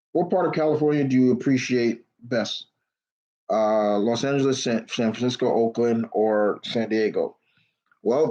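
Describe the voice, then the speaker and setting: Answering questions from viewers on a laid-back live stream, this young male host rambles, speaks bluntly, and swears without restraint. His voice is medium in pitch with a darkish tone, and the high frequencies are cut off.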